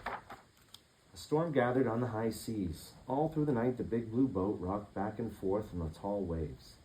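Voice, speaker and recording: A man reading a children's picture book aloud as a bedtime story, with an expressive, lilting delivery. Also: lowish voice, measured pace, slight background noise, low-quality recording.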